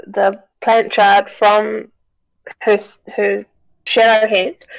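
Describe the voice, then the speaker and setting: A woman playing in a tabletop role-playing game, describing her character's actions slowly and loudly. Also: mid-range voice, lo-fi sound. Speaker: player.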